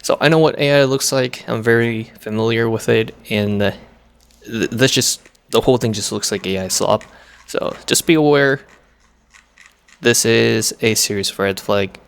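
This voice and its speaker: A man's voice: medium pitch, moderate pace, vocal fry, a bit bright, smooth. A man chatting on a stream in earnest, plain-spoken commentary, warning viewers.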